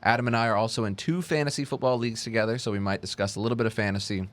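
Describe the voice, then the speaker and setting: A young man hosting a casual sports podcast, relaxed and swearing freely between fillers. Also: fairly low pitch, very fast. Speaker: podcast host.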